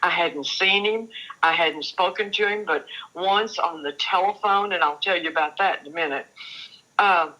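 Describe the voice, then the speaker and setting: An older woman appears as a guest on an interview show, telling her own story earnestly in a halting way and often restarting her sentences. Her voice is lowish with a sharp tone, and the audio sounds dull.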